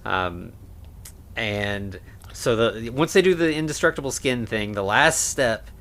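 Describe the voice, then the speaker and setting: A man co-hosting a podcast, casually recapping a film with lots of fillers and quick acted-out lines. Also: fairly low pitch, lively intonation, a bit bright. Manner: laid-back, many fillers, acts out lines. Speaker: podcast co-host. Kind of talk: casual movie recap chat.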